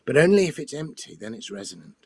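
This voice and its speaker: A man, a poet and priest, explaining poetry in thoughtful conversation and reading a poem slowly. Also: fairly high pitch, a little mellow, no room sound.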